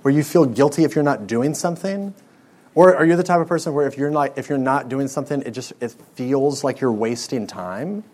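A man's voice: medium pitch, fairly quick, darkish tone. A young man, giving a conversational sermon to students and asking them frequent rhetorical questions. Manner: conversational preaching with rhetorical questions and pop-culture stories. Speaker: speaker to a student audience.

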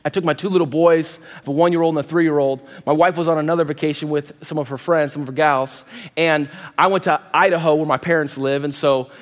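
A man in his thirties, a pastor preaching a sermon and telling a personal story in an animated way, with quick asides to his congregation. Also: on the high side. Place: large church hall. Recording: long hall reverb.

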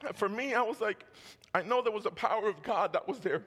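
High, bright-voiced fervent male pastor. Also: a little fast, breathy edge. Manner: fervent storytelling with repetitions and laughs. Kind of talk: sermon testimony. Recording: long hall reverb.

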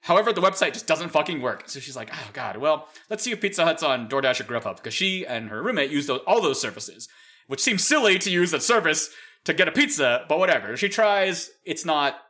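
A man in his thirties telling a story in casual chat, animated and exasperated, swearing freely. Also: on the high side, a little fast.

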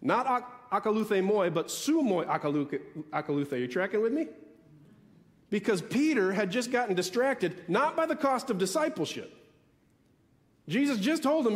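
A man preaching a sermon as pastor, emphatic, repeating key phrases with dramatic pauses. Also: sits high, very animated, long reverb tail.

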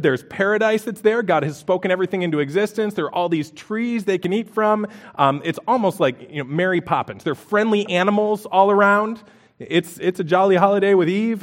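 A man preaching a sermon, reading scripture aloud and breaking into animated storytelling with playful asides. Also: fairly high pitch. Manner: reads scripture passages aloud. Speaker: pastor.

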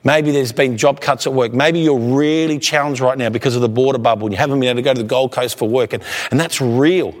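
Australian pastor preaching in reverb. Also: male voice, mid-range voice, fast talker, hardly any pauses. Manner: earnest, encouraging, with stumbles and restarts. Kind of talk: sermon. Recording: long hall reverb.

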